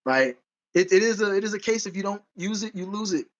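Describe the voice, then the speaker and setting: A man's voice: high voice, animated, a little fast, highs cut off. A man co-hosting a podcast in casual chat, rambling and correcting himself as he goes, with frequent laughs. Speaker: podcast co-host.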